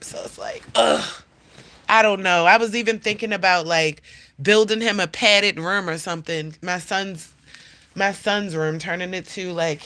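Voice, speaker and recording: A woman's voice: medium pitch, sharp tone. A woman chatting casually on a livestream, rambling, swearing freely and scolding her cat. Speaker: livestream host.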